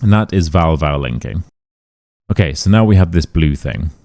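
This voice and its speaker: A man with a British accent teaching pronunciation, repeating phrases slowly for learners to copy. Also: rumbling low, expressive, vocal fry, mellow. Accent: British English. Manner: slow repeated modelling of phrases. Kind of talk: pronunciation lesson.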